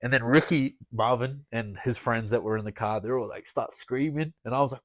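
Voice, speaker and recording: Male wrestler guest, profane storyteller with a medium-pitched voice, recorded dry. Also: steady tone, brisk, no echo. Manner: swears a lot, laughs through the story. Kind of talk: casual storytelling. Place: podcast studio.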